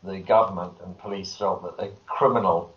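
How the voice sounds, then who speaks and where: A man's voice: low-pitched, steady tone, normal speed. A British man, a filmmaker guest, answering interview questions as a dry teller of anecdotes. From Britain. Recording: dull lo-fi audio with faint noise.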